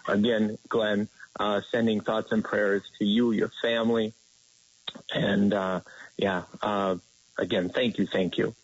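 A man's voice: fairly low pitch, level tone, a little slow, no room sound, highs cut off. A man calling into a radio show, choked up and thankful. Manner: emotional, thankful. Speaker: caller.

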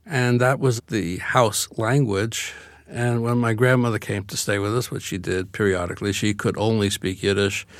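This is an author from Brooklyn, an older man whose voice sits on the low side, answering questions in a conversational interview. The sound is dry and studio-clean, and his manner is wry and thoughtful, quick to laugh.

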